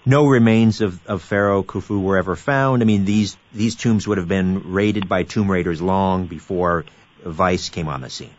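A low-pitched man hosting an interview, recorded with a somewhat dull, lo-fi sound. He frames his questions in a measured way, recapping what his guest has said. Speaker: host. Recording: dull lo-fi audio.

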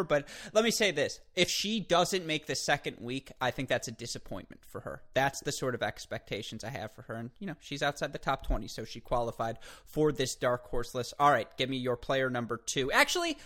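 A man co-hosting a tennis podcast, talking energetically in long runs with quick restarts. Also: mid-range voice, lively intonation, fairly bright tone. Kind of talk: casual sports chat.

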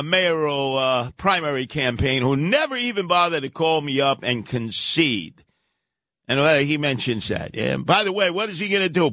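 An older man, hosting talk radio in a combative, sarcastic rant with theatrical swings of pitch. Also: sharp tone, dry recording.

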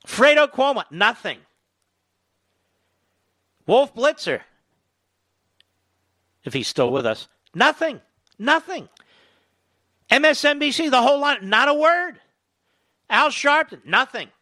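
Man, political talk host, combative monologue, bright high voice, dry close sound. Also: big pitch swings, slow, pauses often, no echo. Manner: indignant, emphatic, rising to loud outrage.

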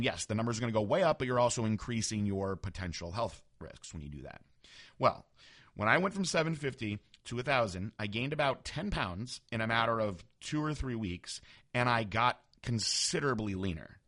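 A man's voice: fairly low pitch, a bit bright. A man in his thirties, a former bodybuilder, telling a candid story in a casual monologue. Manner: candid, frank, conversational.

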